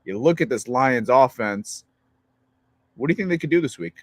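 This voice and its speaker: A man's voice: medium pitch, moderate pace, dry recording. Hyped-up man hosting a football podcast. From United States. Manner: excitable, laughs often, reads lists. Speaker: podcast co-host. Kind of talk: sports podcast chat.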